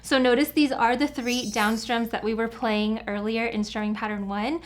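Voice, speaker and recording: A woman's voice: on the high side, fairly even intonation, normal speed. A woman teaching a beginner guitar lesson step by step, counting the beats aloud as she strums. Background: acoustic guitar playing.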